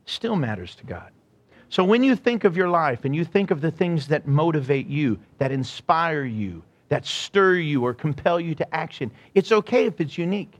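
A middle-aged man preaching a sermon in a church, animated and storytelling, acting out quotes and often laughing. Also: on the high side, moderate pace. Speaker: pastor.

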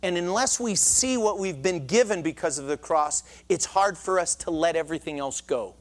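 A man's voice: sits high, moderate pace. A male pastor preaching to a congregation in a church. He speaks in an earnest, conversational way and often restarts his sentences. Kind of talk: sermon.

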